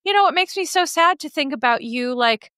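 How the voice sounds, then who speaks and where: Woman therapist podcast host in her 40s, super expressive, dry close mic. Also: sits high, fairly quick, dry recording. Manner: animated, acts out her own reactions. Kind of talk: casual podcast chat.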